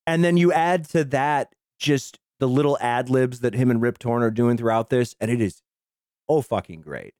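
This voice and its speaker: A man co-hosting a film podcast, excitedly retelling movie scenes with lots of swearing in casual talk. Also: medium pitch, normal speed, clean tone, dry recording, studio quality. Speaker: podcast co-host.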